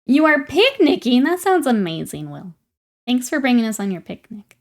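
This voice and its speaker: A woman's voice: sits high, sing-song, normal speed. A young woman chatting casually with her live-stream viewers while painting miniatures, laughing often and greeting newcomers.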